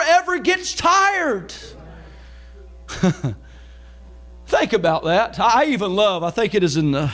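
A high-pitched preacher delivers his sermon with shouted peaks. He then drops into quick, low, chatty asides to the church. The voice stays pitched far above most men's throughout. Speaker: pastor.

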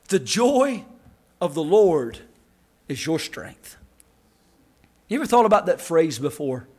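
A man preaches a sermon as pastor. His voice sits very high for a man, climbing into shouted, singsong lines before dropping to quiet, hushed asides.

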